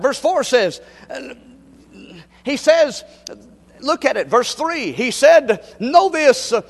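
High-voiced preacher in a reverberant hall. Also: male voice. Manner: emphatic preaching, rising to shouts, repeats phrases. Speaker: pastor. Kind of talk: sermon. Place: church sanctuary.

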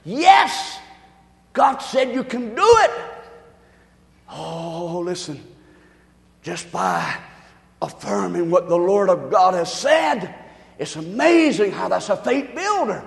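High-voiced preaching man in a reverberant church. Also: very animated, takes it slowly, gravelly, long pauses. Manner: preaching, swinging from quiet to shouting. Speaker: pastor. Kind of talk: sermon. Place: large church.

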